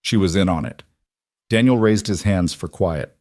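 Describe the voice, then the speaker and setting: Steady male storyteller, low-pitched, dry close recording. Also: normal speed, dry recording. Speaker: narrator. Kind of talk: scripted story narration.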